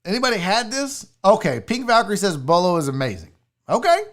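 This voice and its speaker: A woman's voice: medium pitch, sing-song, fairly quick. A woman hosting a casual livestream chat, blunt, profane and mocking as she reacts. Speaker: sports show host.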